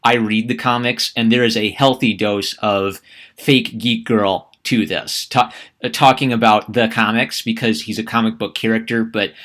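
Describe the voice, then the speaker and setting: A man's voice: lowish voice, fairly even intonation, moderate pace, a bit bright. A man giving a sarcastic commentary vlog, often restarting his sentences. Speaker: YouTube commentator.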